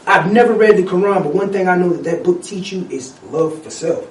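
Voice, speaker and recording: High-voiced man ranting in an echoey room. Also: fairly quick, slight background noise. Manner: animated, profane ranting with street slang. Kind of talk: casual chat. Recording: echoey room, mic at a distance.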